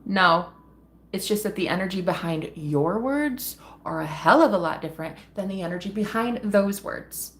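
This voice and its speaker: A woman's voice: medium pitch, animated, moderate pace. Chatty woman tarot live-streamer. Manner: chatty, reads out viewer comments, swears freely, laughs often; affectionate, calls viewers sweetheart and honey. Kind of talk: casual live-stream chat.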